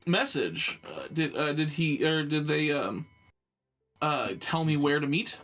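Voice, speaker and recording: A man talking as a player in a tabletop game, halting and full of fillers and restarts. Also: on the high side, animated, a bit bright. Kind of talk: casual tabletop game chat.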